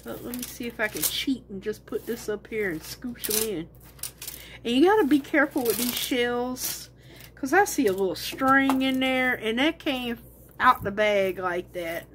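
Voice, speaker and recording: A woman's voice: fairly high pitch, moderate pace, noisy background. A woman talking casually to her viewers while she makes resin crafts, thinking aloud and rambling as she works.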